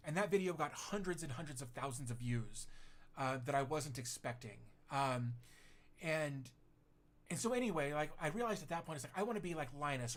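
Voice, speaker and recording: A middle-aged man hosting a casual tech livestream, rambling and self-deprecating as he reads viewer comments, with many fillers and restarts. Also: medium pitch.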